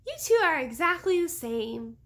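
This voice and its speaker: Woman doing a squeaky little girl voice, excited, kinda breathy. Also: normal speed. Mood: whispering.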